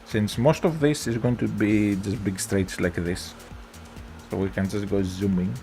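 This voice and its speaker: Greek-accented man with a gravelly low voice. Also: a little slow, soft background music. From Greece. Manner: relaxed, rambling, with fillers. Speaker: streamer. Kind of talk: casual gameplay chat.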